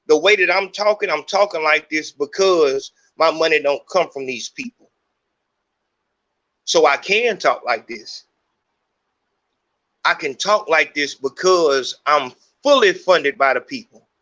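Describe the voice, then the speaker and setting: Bright-voiced, heated, profane man. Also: fairly high pitch, expressive, takes it slowly, pauses often, dull audio. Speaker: podcast host. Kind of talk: unscripted monologue.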